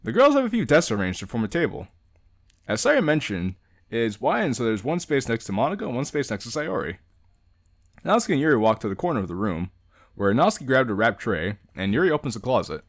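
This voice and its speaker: A man's voice: medium pitch, brisk, no echo, studio quality. A young adult man hosting a let's play, reading a visual novel aloud and joking, laughing often. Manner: animated, laughs often, reads and jokes. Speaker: gaming channel host.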